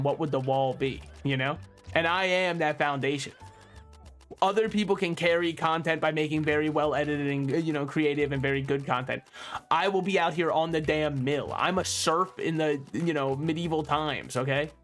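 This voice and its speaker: A man's voice: on the high side, a bit bright. A young man rambling and joking as he streams a game, laughing often. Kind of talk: rambling live-stream commentary while gaming.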